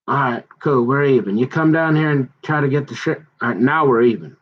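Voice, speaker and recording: A man telling a long personal grievance in a rambling, halting way, often restarting his sentences and growing heated as he goes. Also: medium pitch, highs cut off. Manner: aggrieved, heated. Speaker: son recounting a family conflict.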